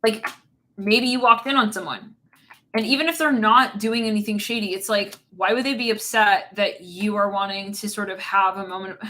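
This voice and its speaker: A woman's voice: medium pitch, sharp tone, slight background noise. Giggly, rambling woman reading tarot cards. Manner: rambling, giggly, blunt with swearing. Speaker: tarot reader. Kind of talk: casual tarot reading monologue.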